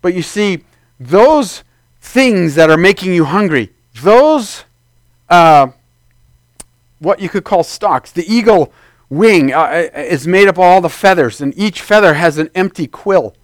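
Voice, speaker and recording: Man, pastor, high voice, dry close recording, chatty sermon, acts out quotes. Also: lively intonation, unhurried, no room sound.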